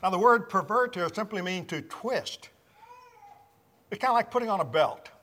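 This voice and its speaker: High-voiced preacher in a reverberant hall. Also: male voice, expressive, bright, forceful tone. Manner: measured, emphatic scripture teaching. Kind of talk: sermon.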